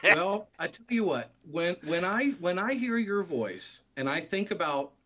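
A man, a guest in a casual interview, explaining things in a relaxed, easygoing way. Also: sits high, measured pace.

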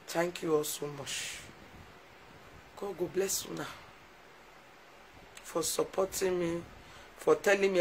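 Speaking in a deep voice with a Nigerian Pidgin English accent, this woman talks casually to her live stream audience and keeps thanking them in an effusive, emotional, heartfelt way. The recording is rough, carrying a little hiss or hum.

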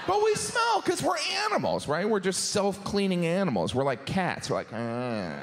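A middle-aged man doing stand-up comedy on stage, slipping quickly into silly character voices. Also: sits high, huge pitch swings. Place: stage before a laughing audience. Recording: live show with audience noise.

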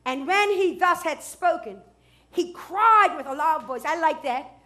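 A woman pastor preaching a sermon, dropping to hushed asides and rising to loud shouts, with features. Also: sits high, expressive, unhurried. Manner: swings from hushed asides to loud shouted declarations, laughs often.

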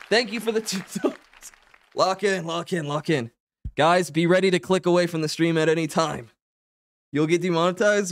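A young man hosting a live stream, excitable and jokey, hyping up his chat with mock-dramatic yelling. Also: a little high, normal speed, no echo. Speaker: livestreamer. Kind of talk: live-stream chat and fan fiction reading.

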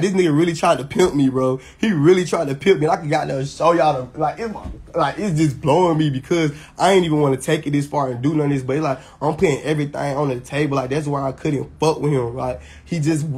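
A man's voice: on the high side, darkish tone, breathy edge. A man, venting heatedly and emphatically to his viewers, swearing and restarting often. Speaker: social media personality. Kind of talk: venting straight to camera.

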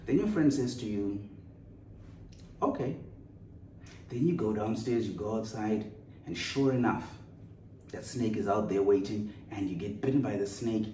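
A man's voice: lowish voice, moderate pace, mellow. A man preaching a sermon with an earnest, storytelling delivery, recorded in a church. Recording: roomy echo, distant mic, faint noise.

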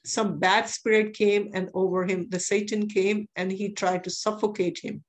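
A woman's voice: mid-range voice, little pitch movement, moderate pace. A woman preaching a sermon, telling a testimony in an earnest way and repeating phrases for emphasis.

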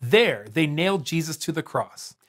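A man tells a scripted Bible story for children with dramatic pauses. His pitch moves in lively ups and downs. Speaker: storyteller on a kids' show.

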